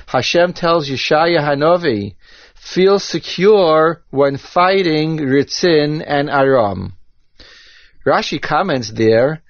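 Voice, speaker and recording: A man with Ashkenazi Hebrew pronunciation lectures at a very unhurried pace, setting each term down with care. The sound is dry and close, with a dull, lo-fi tone. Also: a little high, animated, dry recording. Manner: measured, deliberate, spells out terms. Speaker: Torah teacher. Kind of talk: slow scripted lecture on Hebrew grammar.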